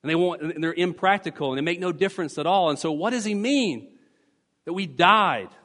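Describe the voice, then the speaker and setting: Preaching in a church sanctuary, a pastor teaches emphatically and repeats key phrases to press his points, all under long church reverb. His voice is high-pitched and fairly bright, with lively intonation and a fairly quick pace.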